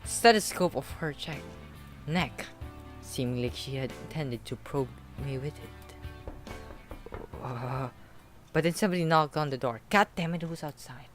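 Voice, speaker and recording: A man's voice: medium pitch, measured pace, long pauses, faint music behind. A man reading a visual novel aloud with running commentary, tripping over words and mocking himself. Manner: self-mocking, trips over words and laughs. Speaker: gaming YouTuber.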